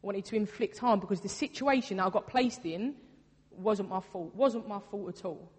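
A woman's voice: mid-range voice, normal speed, darkish tone, breathy edge. A woman preaching a sermon in a casual, earnest way, repeating her points for emphasis. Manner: earnest, conversational, with emphatic repetition. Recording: long reverb of a hall.

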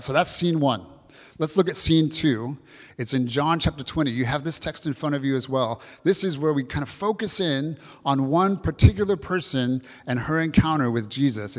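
A man's voice: mid-range voice, big-room sound. A man preaching a sermon, earnest and reflective, asking his listeners questions and reading scripture aloud. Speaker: pastor.

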